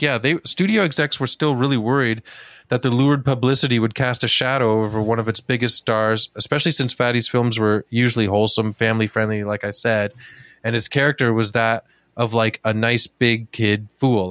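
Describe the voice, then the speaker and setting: A man's voice: mid-range voice, a little fast, fairly bright tone, dry recording. Chatty man telling a story, dry recording. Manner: chatty storyteller, swears freely, many "like" fillers. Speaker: podcast co-host telling the story. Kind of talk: casual chat.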